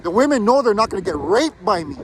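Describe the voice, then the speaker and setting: A man's voice: high voice, sing-song, fast talker, a little hiss or hum. A man from Canada delivering a heated, profane, defiant rant to camera outdoors. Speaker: video blogger. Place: outdoors in a built-up area.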